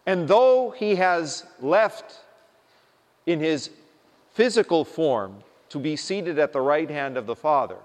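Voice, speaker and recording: A man preaching a sermon, speaking in a deliberate, emphatic way. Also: fairly high pitch, animated. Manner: slow, deliberate, emphatic delivery. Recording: long reverb of a large hall.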